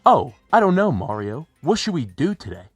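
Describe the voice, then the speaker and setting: A man voicing a timid male plumber sidekick in a high, whiny, nasal voice. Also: sing-song, normal speed, slightly rough, no echo, faint music behind. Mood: unsure.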